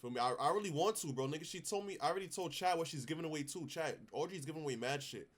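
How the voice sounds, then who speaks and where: A man's voice: a little high, rapid-fire. A young man with a New York accent, chatting casually with slangy asides while reacting on a live stream.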